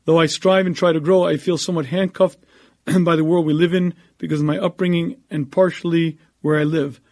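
A man giving an earnest Torah lecture as a rabbi, often clearing his throat, then reading out audience questions. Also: on the high side, little pitch movement, a little fast, darkish tone.

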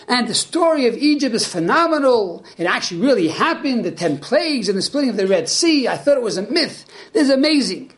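An eager, simple young man bubbling over with wonder, as a male teacher puts him on. The voice rides higher than the teacher's own. He sounds thrilled by everything he is learning. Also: big pitch swings, a little fast, few pauses, fairly bright tone, heavily acted. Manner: eager and wide-eyed. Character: excited simple young man discovering faith.

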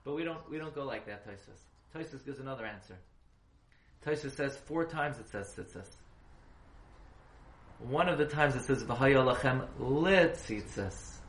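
A man's voice: mid-range voice, expressive, moderate pace. Guy teaching a torah class, quizzes students, spells stuff out, roomy echo. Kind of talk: halacha class lecture. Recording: echoey room, faint hiss.

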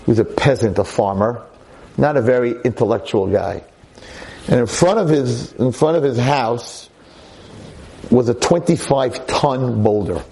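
A man's voice: mid-range voice, a little slow, creaky, rough recording. A male rabbi telling a story in a sermon to a room of boys, acting out every voice. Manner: animated, acts out every voice.

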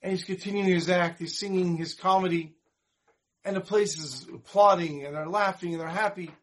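A man teaching a Torah class, telling a moral story in an animated storyteller's manner. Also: sits high, moderate pace. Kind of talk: storytelling lesson.

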